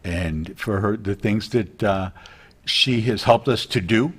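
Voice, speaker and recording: Middle-aged man, lowish voice, earnest rambling realtor guest on a TV chat. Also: slow pace, husky. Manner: rambling, earnest, many restarts. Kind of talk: casual TV interview chat.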